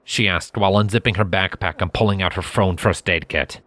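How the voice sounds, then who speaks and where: A man reading a fanfiction story aloud in steady, measured narration. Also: low-pitched, no room sound. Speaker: fanfiction reader.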